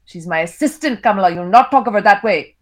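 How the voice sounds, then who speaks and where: A woman's voice: mid-range voice, lively intonation, fast, close to an everyday voice. A woman voicing a stern, scolding middle-aged Indian father with an Indian accent. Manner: scolding, firm.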